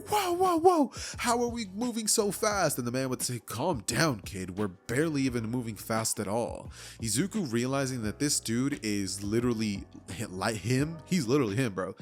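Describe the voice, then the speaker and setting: A man casually narrating a fan-made story in a loose, chatty way with lots of fillers. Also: mid-range voice.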